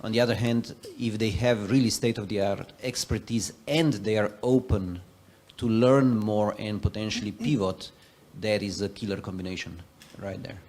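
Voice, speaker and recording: A man on a conference panel, an investor and professor, answering a question in a measured, explanatory way. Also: fairly low pitch, fairly even intonation, darkish tone.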